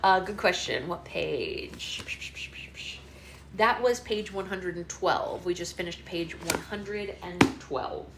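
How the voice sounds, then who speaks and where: A woman hosting a book club live stream, chatting with her toddler in sing-song, animated baby talk. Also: on the low side, slow, creaky, noisy background.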